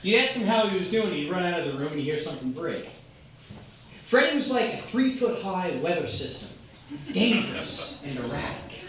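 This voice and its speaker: Animated stand-up storyteller in an echoey room. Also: mid-range voice, normal speed, a little hiss or hum. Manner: animated, wry, uses many um and uh. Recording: echoey room, far-off mic, faint ambience.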